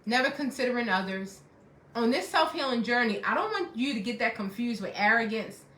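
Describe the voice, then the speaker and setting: Bright-voiced woman coaching self-help. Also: on the high side, expressive, a little fast, echoey room, a little hiss or hum. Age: middle-aged. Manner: preachy, repeats phrases for emphasis. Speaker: life coach. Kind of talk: motivational self-help talk.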